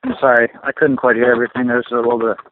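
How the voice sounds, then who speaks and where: Halting fighter on a tinny phone line. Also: male voice, medium pitch, flat delivery, a little hiss or hum. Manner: halting, many fillers and restarts. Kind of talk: conference call remarks.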